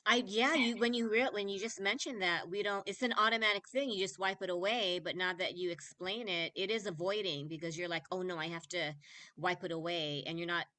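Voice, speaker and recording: A woman's voice: medium pitch, brisk, hardly any pauses, pushed and bright. A woman hosting a podcast interview, responding eagerly and affirmingly. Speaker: podcast host.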